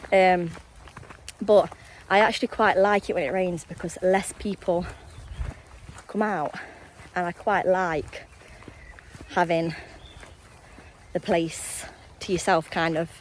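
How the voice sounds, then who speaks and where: Young woman vlogger, lowish voice, breathless walk-and-talk, faint outdoor ambience. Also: slight background noise, low-quality recording. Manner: rambling, friendly, talks to viewers directly. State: slightly out of breath. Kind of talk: casual chatty vlog while walking.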